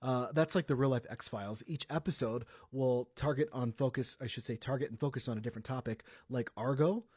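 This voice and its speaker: A man's voice: medium pitch, brisk, few pauses, darkish tone, husky, no room sound, studio quality. Chatty young man hosting a podcast. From United States. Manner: chatty, joking asides, self-correcting. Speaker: podcast host. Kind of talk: casual celebrity news podcast.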